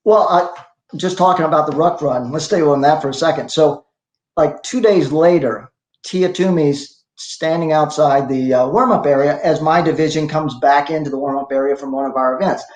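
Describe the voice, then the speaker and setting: An older man in his sixties, a bit high-pitched, recounts his athletic experiences in a loose, self-deprecating way, often restarting his sentences. His voice carries a noticeable room echo. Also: normal speed. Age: 60s. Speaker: masters CrossFit athlete guest. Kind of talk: casual interview storytelling.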